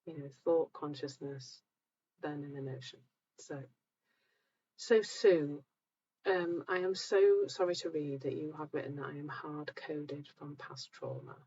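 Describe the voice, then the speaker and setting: A calm, gentle woman hosting a live session, talking reassuringly to viewers while sounding a bit tired. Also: sits low, unhurried, dull audio, slight background noise. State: tired, low energy. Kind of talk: live-stream talk answering viewer comments.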